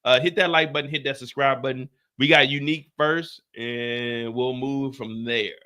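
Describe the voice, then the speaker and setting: In a mid-range voice that's pushed, bright and clean, with fairly even intonation and a moderate pace, a show recap streamer chats to viewers. He sounds tired, swears a lot, and tells stories repetitively with exaggerated, comic exasperation.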